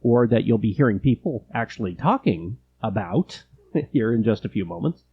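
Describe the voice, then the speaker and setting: Middle-aged male podcast co-host, chatty and quick to laugh, with a husky voice. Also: on the low side, narrow, tinny audio. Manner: chatty, laughs easily, lively storytelling. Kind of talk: casual chat.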